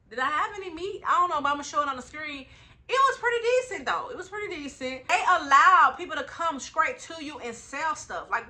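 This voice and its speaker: Young woman travel vlogger, bright sharp voice, a bit high, lively slangy storytelling. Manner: slangy, animated, talks straight to viewers. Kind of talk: casual travel vlog storytelling.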